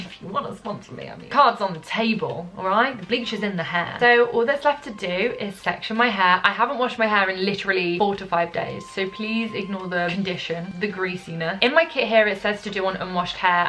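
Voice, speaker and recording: A young woman vlogging casually to camera from home, chatty, excitable and self-mocking. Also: medium pitch. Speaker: beauty vlogger. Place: at home during lockdown.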